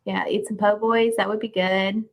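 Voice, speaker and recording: A woman's voice: mid-range voice, level tone, normal speed, vocal fry. A young woman co-hosting a casual recap chat, easygoing and agreeable. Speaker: podcast co-host.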